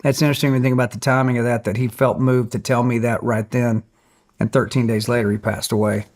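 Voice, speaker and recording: A man's voice: medium pitch, little pitch movement, quick pace, darkish tone. A middle-aged man, telling earnest stories as a guest in a podcast interview. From Tennessee, USA. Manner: earnest storyteller, acts out quotes. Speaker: guest, country singer.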